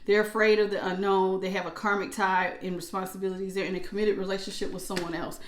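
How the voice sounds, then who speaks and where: A woman giving a casual tarot reading in a chatty, animated way, with features and acted-out asides. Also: medium pitch, quick pace. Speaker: tarot reader. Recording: echoey room.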